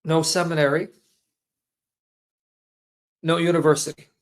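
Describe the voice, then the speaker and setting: A man's voice: fairly high pitch, flat delivery, a little slow. A man in his fifties giving an emotional personal testimony, speaking emphatically and repeating phrases for weight. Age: 50s. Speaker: Christian apologist giving a testimony.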